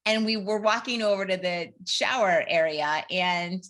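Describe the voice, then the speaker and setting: A woman's voice: medium pitch, a little slow, fairly bright tone. A middle-aged woman co-hosting a marketing podcast, chatting casually and telling a story with frequent laughter. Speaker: podcast co-host. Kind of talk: casual chat.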